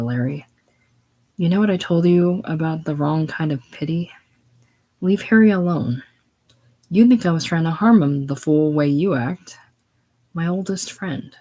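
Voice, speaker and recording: A man's voice: a little high, darkish tone. A man voicing a persuasive male salesman who coaxes and turns indignant, in a play reading. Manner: coaxing, indignant. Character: smooth-talking male salesman, insistent and coaxing.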